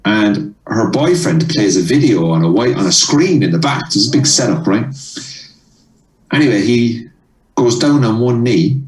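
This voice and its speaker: Male comic guest, animated storyteller, lowish voice, roomy room sound. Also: moderate pace, distant mic. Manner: animated storyteller, acts out dialogue. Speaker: comedian guest. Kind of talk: telling a story in a casual interview.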